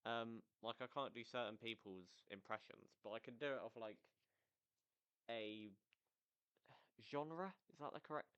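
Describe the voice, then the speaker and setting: A young man chats loosely about football in a smooth, resonant voice, sitting close to his mic. He rambles, trips over his words and laughs at himself. The recording sounds a little dull and lo-fi. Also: medium pitch, unhurried, pauses often, a bit bright. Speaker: football podcast host. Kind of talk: casual unscripted chat.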